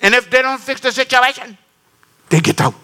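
A man voicing an excited young woman auditor who is earnest and shocked, with high, breathless exclamations. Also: a little fast, clear, resonant tone, heavily acted, poor audio. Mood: serious.

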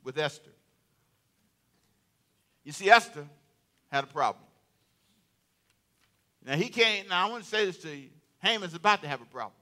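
A man preaching a sermon in a lively, conversational way, with comic asides and repeated phrases. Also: sits high, moderate pace, pauses often. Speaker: pastor.

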